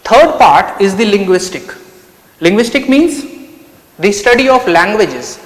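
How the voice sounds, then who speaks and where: A man's voice: high-pitched, sing-song, measured pace, roomy sound, big-room sound. A man teaching an online lecture, explaining step by step and asking himself questions. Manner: explanatory, asks and answers his own questions. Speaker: anthropology teacher.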